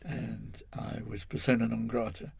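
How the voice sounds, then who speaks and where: An older Englishman recounting an old story to an interviewer, wandering and correcting himself as he goes. His voice is gravelly and slightly husky. The sound is close and dry. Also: lowish voice, little pitch movement, moderate pace, a little mellow, no room sound. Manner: rambling, self-correcting, chuckling storyteller. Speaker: guest.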